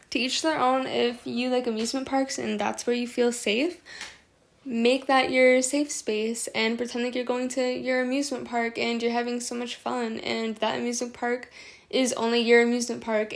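A young woman hosting a podcast, talking casually and affectionately to her listeners, rambling with lots of filler words. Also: a little high. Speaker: podcast host. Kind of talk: casual podcast talk on self-soothing.

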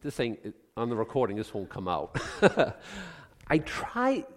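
A man preaching a sermon as pastor, animated, swinging from hushed asides to loud exclamations. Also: mid-range voice, moderate pace, long reverb tail.

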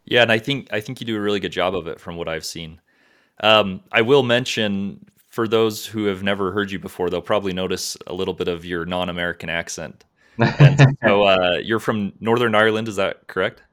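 A man's voice: low-pitched, fairly even intonation, brisk, fairly bright tone. A man hosting a podcast interview, friendly and rambling, often trailing off. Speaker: podcast host. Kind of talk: casual interview conversation.

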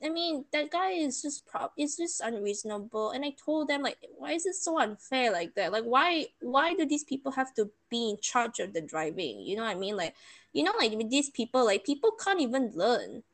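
A woman's voice: on the high side, big pitch swings, normal speed. A young woman, chatting casually and emotionally retelling a bad experience. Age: young adult. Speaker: storyteller. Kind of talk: casual chat.

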